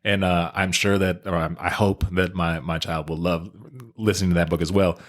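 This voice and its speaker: Laid-back young man with a low voice. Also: flat delivery, normal speed. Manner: laid-back, says dude a lot, laughs often. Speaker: podcast co-host. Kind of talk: casual chat.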